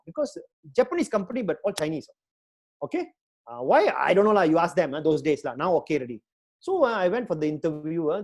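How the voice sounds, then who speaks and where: A middle-aged man with a Malaysian English accent coaching students through job interview nerves. He talks in an animated, chatty way, dropping Malay words into his English and swinging his voice up and down. He speaks into a computer mic during an online session. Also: high-pitched. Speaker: career talk speaker. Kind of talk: motivational talk with audience Q&A.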